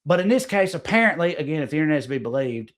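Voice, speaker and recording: A man's voice: fairly high pitch, very animated, very fast. A man co-hosting a comedy podcast, explaining things in a rambling, profane, casual way. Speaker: podcast co-host.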